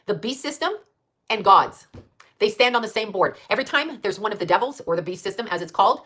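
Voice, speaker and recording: A woman's voice: medium pitch, expressive, fast talker, fairly bright tone, husky. A woman hosting a stream, ranting in a rambling, profane monologue full of rhetorical questions.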